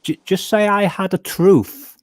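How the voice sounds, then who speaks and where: A man's voice: high-pitched, measured pace, no room sound. A man on a video call who explains his points through stories and homely comparisons, often stammering on restarts. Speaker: panel member. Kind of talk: casual group chat on a call.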